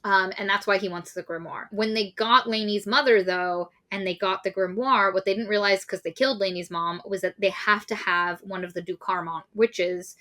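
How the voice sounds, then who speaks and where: Woman, podcast co-host. Bright, forceful tone; casual, profane, animated storytelling. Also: medium pitch, normal speed, hardly any pauses. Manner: profane, animated plot recap with voiced quotes. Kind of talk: casual book review chat.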